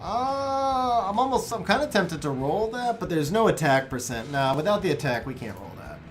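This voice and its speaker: Faint music plays behind a young adult man streaming a game live, his high voice very animated at a moderate pace. Laid-back, he reads chat messages aloud, chuckles often, and calls viewers bro.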